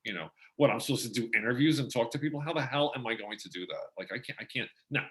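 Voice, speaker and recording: A middle-aged man telling his story as an interview guest, animated and acting out the voices of people he quotes. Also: medium pitch, quick pace, few pauses.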